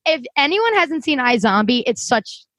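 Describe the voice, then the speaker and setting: A woman co-hosting a podcast, chatting casually in a gushing, excitable way and swearing freely. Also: high voice, moderate pace, dry recording. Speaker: podcast co-host.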